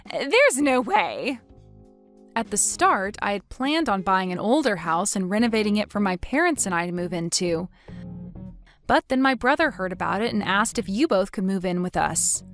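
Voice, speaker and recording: Lively, firm woman reading a text story. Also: mid-range voice. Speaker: story narrator.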